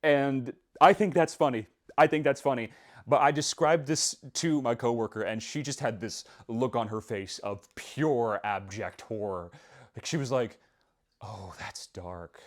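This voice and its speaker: A young man hosting a casual book-review video, speaking in a wry, self-deprecating and expressive way. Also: medium pitch, moderate pace.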